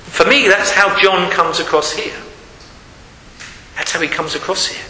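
A man's voice: a little high, animated, normal speed, long pauses, bright, forceful tone. A man preaching a reflective sermon and asking rhetorical questions. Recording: echoey hall.

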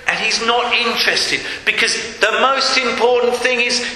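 A man with a high, strikingly bright voice delivers a sermon at an unhurried pace. He asks his listeners rhetorical questions again and again, and he acts out quoted cries. The sound is very echoey, with a long reverb tail, as if recorded in a large church. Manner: acts out quoted cries, shouting some and murmuring others. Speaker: preacher.

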